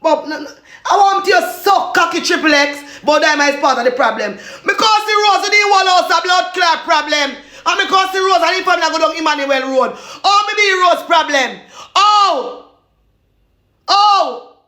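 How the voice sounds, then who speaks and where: A Jamaican woman in a loud, repetitive, cursing rant, laughing between insults. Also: extremely high pitch, moderate pace, echoey room.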